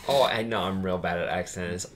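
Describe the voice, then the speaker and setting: A man's voice: low-pitched, normal speed, a little hiss or hum. A man hosting a casual podcast, talking in a sarcastic, swearing way and acting out quotes as he recaps episodes. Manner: sarcastic, swears a lot, acts out quotes in voices. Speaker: podcast host.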